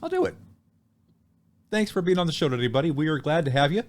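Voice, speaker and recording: A man hosting a casual podcast, who introduces guests in a loud, showy announcer style and laughs easily. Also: on the high side, sing-song, fast talker. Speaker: podcast host. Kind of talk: casual chat, comedic intros.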